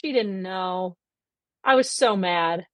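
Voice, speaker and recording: A woman on a podcast recaps an old TV episode in loose, casual chat. She acts out the characters' lines and swears for emphasis. Her voice sits at a middle pitch, and the sound is close and dry. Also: takes it slowly, no echo. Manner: animated storytelling, quotes characters, swears for emphasis. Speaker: podcast co-host.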